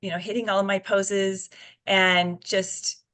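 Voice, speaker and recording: Bright-voiced woman in her fifties. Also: medium pitch, level tone, slow. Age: 50s. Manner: earnest, many fillers and restarts. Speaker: guest. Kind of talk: casual interview chat.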